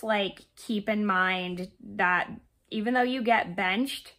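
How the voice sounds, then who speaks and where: A woman in her thirties, hoarse and scratchy while she gets over a cold, tells a casual story as she crochets. Her voice is bright, and she rambles on with lots of fillers and restarts. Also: medium pitch. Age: 30s. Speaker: vlogger.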